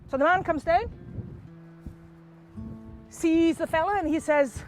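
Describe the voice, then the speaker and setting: Scottish woman storyteller, high and lively, chatty, speaking to an audience. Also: a little slow, long pauses, soft background music. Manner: animated, conversational.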